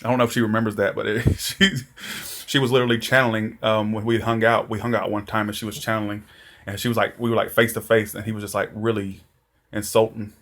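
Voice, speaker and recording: A man's voice: lowish voice, little pitch movement, fast talker, fairly bright tone. A man rambling through viewers' comments in a casual live chat, laughing often and restarting his sentences. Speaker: tarot reader answering viewer comments.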